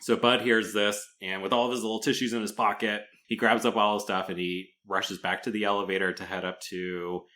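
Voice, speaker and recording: A young man co-hosts a casual podcast, recapping a film scene by scene with eager, fast-flowing chatter. His voice sits fairly low yet comes across bright and forceful. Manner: enthusiastic, animated, frequent fillers. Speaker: podcast co-host.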